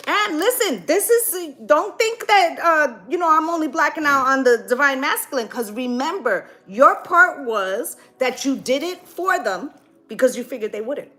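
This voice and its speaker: Blunt, high-voiced woman reading tarot. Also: lively intonation, moderate pace, bright, forceful tone. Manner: blunt and profane, tags lines with "right?" and "okay?". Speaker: tarot reader. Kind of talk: casual tarot reading with commentary.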